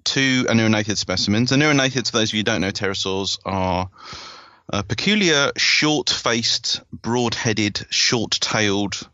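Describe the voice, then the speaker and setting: Man, podcast host, bright voice, enthusiastic, dry close sound. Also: lowish voice, moderate pace, no echo, muffled recording. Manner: enthusiastic, laughs often, rambles through paper details. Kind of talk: casual science podcast chat.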